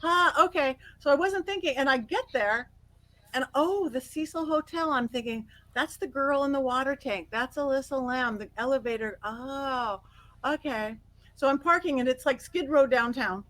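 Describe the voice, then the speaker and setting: A middle-aged woman guest on an interview, telling stories in an animated way, acting out quotes and laughing often. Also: sits high, normal speed, rough recording. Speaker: guest psychic medium. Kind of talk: casual interview storytelling.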